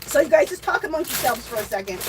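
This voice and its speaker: Chatty American woman, livestream host, bright higher voice, talks straight to her viewers. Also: expressive, fast, background noise. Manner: chatty, exclaims loudly, talks to viewers as "girl". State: coughing and teary after choking on water. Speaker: livestream host giving away yarn. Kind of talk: casual livestream chat.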